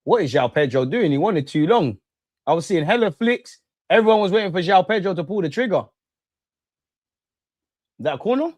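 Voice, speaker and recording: Slangy lad ranting at chat. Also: male voice, high-pitched, animated, fairly quick, pauses often, a little mellow, dry recording. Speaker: football watch-along streamer. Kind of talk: live casual commentary and chat.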